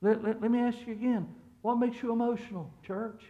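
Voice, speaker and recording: A middle-aged pastor with a notably high voice delivers a sermon in a church. He talks in a loose, conversational way, stumbling and restarting as he goes, and keeps turning to the congregation with questions. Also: fairly even intonation, a little fast, phone-quality sound. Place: church sanctuary.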